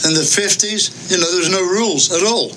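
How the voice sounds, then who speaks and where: A man's voice: high-pitched, fairly quick. A man chatting bluntly in an interview, swearing casually. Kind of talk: interview chat. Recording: noisy interview clip.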